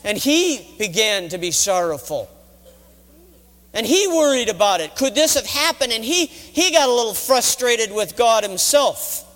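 A man's voice: high voice, sing-song, measured pace, fairly bright tone. A middle-aged man, a college chaplain, retelling a Bible story in a dramatic sermon. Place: college chapel. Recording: reverberant chapel hall.

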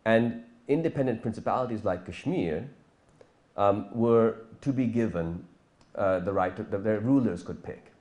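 A man's voice: lowish voice, moderate pace, darkish tone. A man from Pakistan, an author giving a talk to an audience and taking questions, who explains thoughtfully at length with many restarts.

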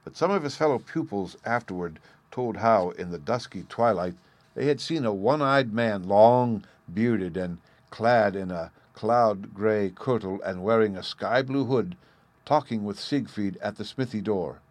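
A man reading a storybook aloud as narrator, in a measured storytelling manner. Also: on the low side, dry recording. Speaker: audiobook narrator. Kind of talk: scripted narration.

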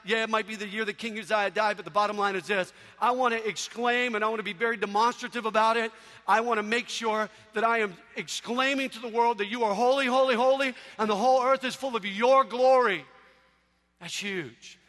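A man preaching a sermon in a church, telling humorous stories with animated delivery. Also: sits high, fairly quick, long reverb tail.

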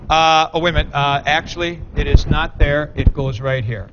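A man's voice: a little high, fairly even intonation, moderate pace, few pauses, a bit bright. A man teaching a Greek grammar class, talking through the forms aloud and correcting himself as he goes. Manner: thinks aloud, corrects himself mid-explanation. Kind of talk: classroom lecture. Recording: dull lo-fi classroom recording.

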